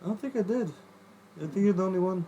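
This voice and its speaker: A stoned man rambling along on a casual podcast, easygoing and full of fillers. His pitch sits in the middle range. Faint background noise hums behind him. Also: fast, warm tone, dull audio. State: high on cannabis. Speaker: podcast co-host. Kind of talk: casual chat.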